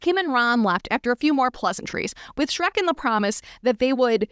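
A woman's voice: a little high, lively intonation, fairly quick, a bit bright, smooth, no room sound, clean studio sound. A woman podcast host reading fan fiction aloud for comedy, breaking off for self-aware asides.

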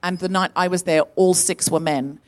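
Woman co-host, live comedy podcast storyteller, animated, does the voices in her anecdotes. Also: fairly low pitch, normal speed. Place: live venue stage.

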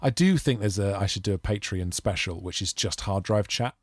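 A man's voice: fairly low pitch, a little fast, dry recording, clean studio sound. A man hosting a podcast in casual chat, playful and teasing. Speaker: podcast host.

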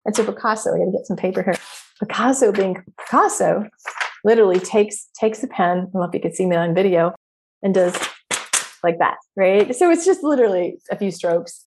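A woman coach talks straight into a podcast mic in a fired-up, preachy flow. She leans hard on her points and drops the odd curse word without slowing down. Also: medium pitch, expressive, darkish tone, slight background noise. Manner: emphatic, preachy, casual swearing. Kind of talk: motivational podcast talk.

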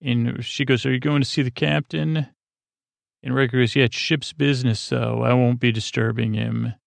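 A man recapping an episode in a slow, meandering sleep-podcast style, full of fillers and restarts. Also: mid-range voice, fairly even intonation, gravelly, dry recording. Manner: meandering, filler-heavy, halting retelling. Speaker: podcast host.

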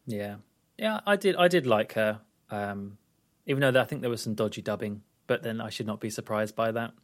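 A man co-hosting a casual film review podcast, giving frank opinions with halting restarts. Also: lowish voice. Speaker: podcast co-host.

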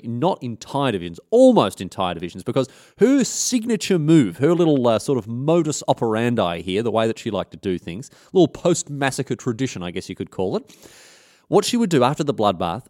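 A man's voice: medium pitch, darkish tone, no room sound, clean studio sound. A man, hosting a history podcast and telling the story in a slangy, irreverent way. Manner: slangy, irreverent, many fillers. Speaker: podcast host.

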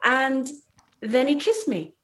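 A middle-aged woman from Trinidad, a podcast guest telling a personal story in a lively way, laughing often and acting out what people said. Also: high-pitched, slow pace. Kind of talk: storytelling in casual chat.

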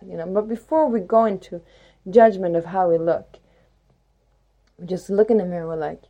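Female spiritual host; reflective, rambling monologue, lowish pitch, mellow tone. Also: normal speed, pauses often. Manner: rambling, reflective, many "like"s, playful rhymes.

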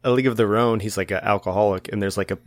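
Offhand, low-voiced podcast man. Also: steady tone, no room sound. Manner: offhand, quick to correct and chime in. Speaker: podcast co-host. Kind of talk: casual chat.

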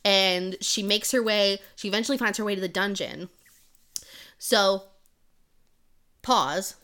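A young woman chats through a book's plot on a podcast, rambling and leaning hard on "like". Her voice is bright and clear, sitting in an ordinary middle pitch. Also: a little slow. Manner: rambling retelling full of "like". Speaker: podcast co-host. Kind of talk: casual book-recap chat.

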